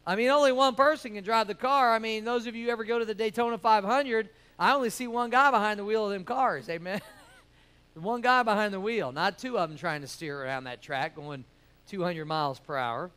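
A man's voice: high-pitched, a little fast, bright, forceful tone, clear, resonant tone. A man preaching to a church class, keeping it jokey and calling out "amen?" and "right?" to the room. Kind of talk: sermon.

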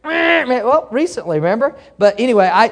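High-voiced folksy pastor preaching. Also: male voice, normal speed. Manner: animated, folksy, laughs at himself, acts out shouting drivers. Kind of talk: sermon.

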